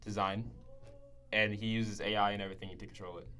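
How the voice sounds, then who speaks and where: This podcast co-host talks quickly in a lowish voice with little pitch movement and a bright, forceful tone, while soft music plays behind him. His casual chat rambles, full of fillers and restarts.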